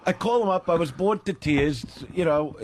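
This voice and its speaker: A man's voice: a little high, normal speed, slight background noise. A man telling a long story as a radio show guest, acting out both sides of a phone call. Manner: animated, acts out both sides of phone calls. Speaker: guest comedian.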